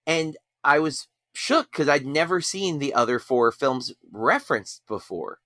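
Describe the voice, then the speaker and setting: A man hosts a podcast in loose, rambling chat, often poking fun at himself. His voice is bright and forward. The recording is dry and close, with no room sound. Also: on the high side, a little slow, dry recording. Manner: rambling, self-deprecating. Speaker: podcast host. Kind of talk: casual chat.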